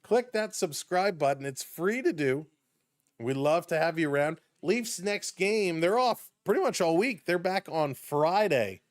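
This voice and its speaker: Man, live hockey stream commentator, higher-pitched voice, excitable calls, dry close recording. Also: dry recording. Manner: quick, excitable calls, chatty asides to viewers. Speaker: live stream play-by-play host. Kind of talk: hockey play-by-play commentary with chat shout-outs.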